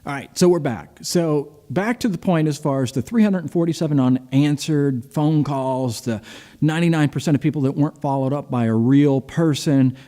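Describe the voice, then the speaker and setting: A middle-aged man hosts a business advice show, talking directly to his viewers. His voice sits high for a man yet has a soft, dark tone. He tells stories with energy and acts out the people he quotes. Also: normal speed. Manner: animated storyteller, acts out quotes. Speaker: host. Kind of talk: direct-to-camera business talk.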